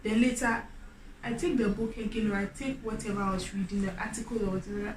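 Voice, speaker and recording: A young woman tells a personal story straight to the camera. Her voice swings from bright exclamations down to soft, close confiding. The room rings with echo and has a faint hum underneath. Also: quick pace. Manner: expressive, swinging from loud exclamations to quiet, low confiding. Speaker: vlogger. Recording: echoey room.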